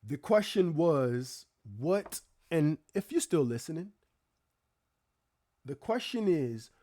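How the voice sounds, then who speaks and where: A man hosting a live stream, telling a story in casual chat with animated, exasperated rhetorical asides to his viewers. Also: on the high side, slow pace. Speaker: livestream host.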